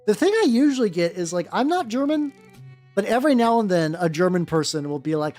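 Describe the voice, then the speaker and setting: A woman's voice: medium pitch, animated, quick pace, warm tone. A woman chatting casually on a livestream while she paints miniatures, rambling with lots of restarts and casual swearing. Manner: rambling, with many restarts and stumbles. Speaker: VTuber streamer painting miniatures. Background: faint background music.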